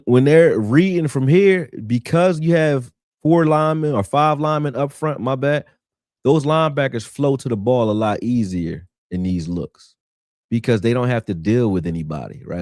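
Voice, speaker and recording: A man hosting a casual live football film breakdown, talking in an animated, argumentative way and answering people in the chat. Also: mid-range voice, normal speed, no room sound, studio quality.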